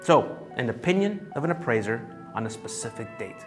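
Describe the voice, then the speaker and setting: A man's voice: mid-range voice, very animated, a little fast. A male real estate instructor with a mid-range voice talks through the process with theatrical energy. He acts out the dialogues as he goes. A faint bed of music plays behind him. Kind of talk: animated teaching talk.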